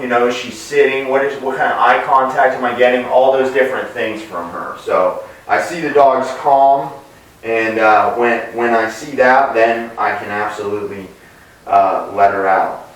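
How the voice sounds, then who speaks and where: A man working as a dog trainer, explaining in a relaxed, plain way with frequent pauses and restarts. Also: medium pitch. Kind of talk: casual instructional talk to camera. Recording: echoey room, voice picked up from a distance.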